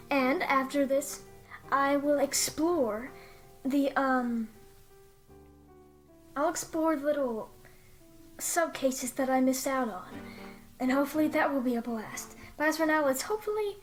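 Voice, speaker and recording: A woman hosting a let's-play, chatting casually and reading game text aloud in an upbeat way. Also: high voice. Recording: faint background music.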